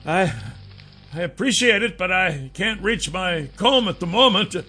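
A man's voice: high-pitched, animated, pushed and bright, soft background music, voice pushed up, exaggerated voice. A man voicing a cocky, wisecracking male dragon in an audiobook. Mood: vain. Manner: quick, cheeky banter. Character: cocky, wisecracking male dragon, vain about his hair.

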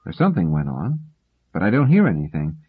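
A man reading the lines of a wry, scholarly grown man, earnest and a bit exasperated, in a husky voice. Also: low voice, huge pitch swings, brisk, full character voice. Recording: tinny phone-like sound.

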